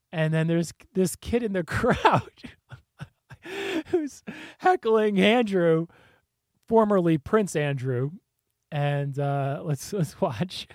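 Chatty man with a slightly high voice. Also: no room sound, clean studio sound. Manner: chatty, laughs often, mimics voices in quotes. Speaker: commentator reacting to clips. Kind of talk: casual commentary on video clips.

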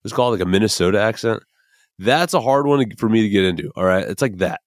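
A man's voice: fairly low pitch, animated, quick pace, dry recording, studio quality. A young man from the American Midwest hosting a podcast, rambling in casual, emphatic commentary full of fillers and the odd curse word. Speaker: podcast host.

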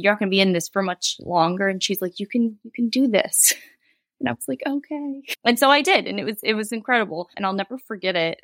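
With a medium-pitched, fairly bright voice and no room sound, a woman in her thirties shares a personal story as a guest in casual interview storytelling. Her telling is candid and rambling, full of laughs and quoted asides.

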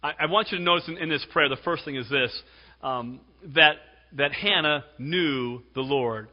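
A man's voice: fairly high pitch, normal speed. Emphatic preacher man in a hall. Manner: emphatic, swings from loud to hushed. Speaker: pastor. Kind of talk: sermon. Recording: dull lo-fi recording with long hall reverb.

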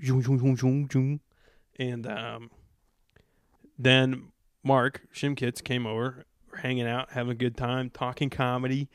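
A man's voice: mid-range voice, flat delivery, a little slow, clean tone, no room sound, clean studio sound. A man hosting a podcast, telling a story in a laid-back, rambling way. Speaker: podcast host. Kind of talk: casual storytelling chat.

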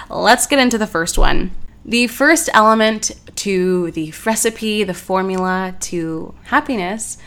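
A woman's voice: mid-range voice, a bit bright. A woman in her twenties hosting a casual solo podcast, talking in a bubbly, gushing way. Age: 20s. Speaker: podcast host.

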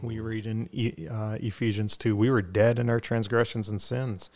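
Man, low voice, flat monotone, earnest, faith podcast talk. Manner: earnest, halting with fillers. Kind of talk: podcast conversation and prayer.

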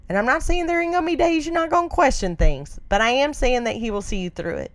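A woman's voice: sits high, lively intonation, fast talker, hardly any pauses. A middle-aged woman speaking earnestly in heartfelt devotional encouragement, repeating her phrases and often checking in with "right?".

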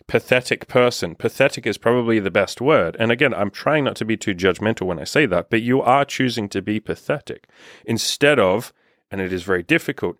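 A man's voice: mid-range voice, a bit bright, no echo, clean studio sound. A young man coaching on dating, talking bluntly with frequent swearing and reading passages aloud from a book. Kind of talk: motivational monologue with book reading.

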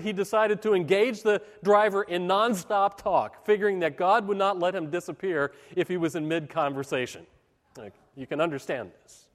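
A man preaching a sermon as a pastor, speaking in an emphatic, measured way with dramatic pauses. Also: high-pitched, in a large hall.

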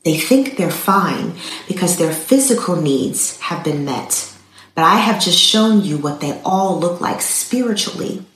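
A woman voicing a gentle, patient Jesus who speaks calmly and kindly, in an echoey room. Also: lowish voice, measured pace. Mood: solemn. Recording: roomy echo.

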